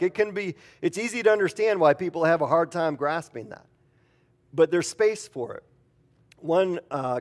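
Casual, conversational preacher man. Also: a little high. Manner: conversational, filler-heavy, acts out quotes. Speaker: pastor. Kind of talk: sermon.

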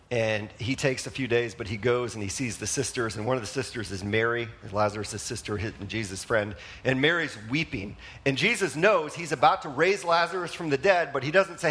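A male pastor with a mid-range, slightly bright voice preaches a sermon conversationally. He poses questions to the congregation and often uses fillers like "like" and "you know."

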